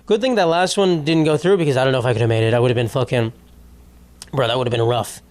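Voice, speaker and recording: A man's voice: medium pitch, fast talker, darkish tone. A young man hosting his own comedy podcast, ranting in a profane, rambling and self-mocking way. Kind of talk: solo comedic podcast rant.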